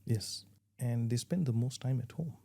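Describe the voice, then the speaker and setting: A man's voice: mid-range voice, moderate pace, creaky, dark tone. A man speaking earnestly in an interview, advising on parenting and restarting his sentences as he thinks. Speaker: parenting guest. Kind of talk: conversational interview answers.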